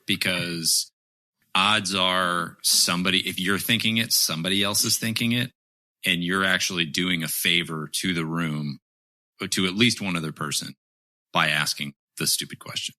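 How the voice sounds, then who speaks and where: A man's voice: sits low, normal speed, bright, forceful tone, dry recording. A man hosting an interview podcast, affirming his guest and reflecting on the talk. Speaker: podcast host. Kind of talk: conversational interview.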